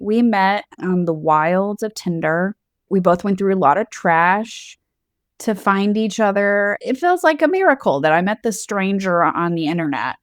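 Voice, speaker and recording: A woman's voice: fairly low pitch, clear, resonant tone, no room sound, clean studio sound. A woman co-hosting a podcast in casual chat, candid and playful, often laughing. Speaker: podcast co-host.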